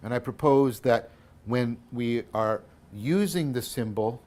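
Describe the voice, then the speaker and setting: Taking it slowly in a mid-range voice, a man lectures on philosophy by thinking out loud. He corrects himself often, adds "right?" after points, and swings between emphatic and hushed loudness.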